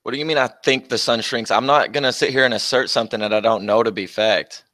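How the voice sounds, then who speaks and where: A man's voice: mid-range voice, steady tone, fast talker, bright, forceful tone, dry recording. A young man hosting a casual livestream, reading chat aloud and trading mocking, profane jabs with commenters while laughing often. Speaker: livestream host.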